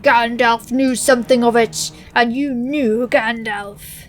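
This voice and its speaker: A woman voicing a commanding, silkily persuasive old man who speaks in a slow, measured way. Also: fairly high pitch, fairly even intonation, faint music behind.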